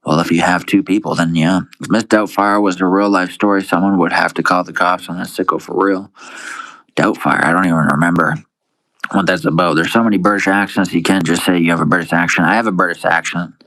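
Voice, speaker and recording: A man's voice: sits low, fairly even intonation, fairly quick, sharp tone, no room sound, poor audio. A young man on a casual livestream, reading viewer comments aloud and answering them with crude, profane, laid-back banter, calling everyone dude. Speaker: live streamer.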